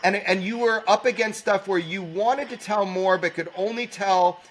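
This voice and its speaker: High-voiced excited male host. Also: moderate pace, slight background noise. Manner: excited, joking, affectionate. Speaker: podcast host. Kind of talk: casual chat.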